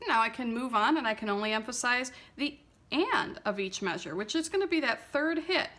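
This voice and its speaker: A woman teaching a music lesson, explaining a playing exercise step by step in a clear, methodical, patient way. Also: a little high, lively intonation, brisk. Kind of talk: instructional explanation.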